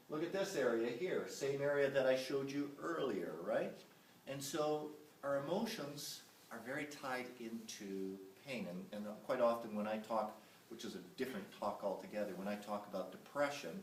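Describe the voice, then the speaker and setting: A man's voice: mid-range voice, slight background noise. Man lecturing in an echoey room. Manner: emphatic, checks in with "all right?" and "right?". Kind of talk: public lecture. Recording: roomy, distant from the mic.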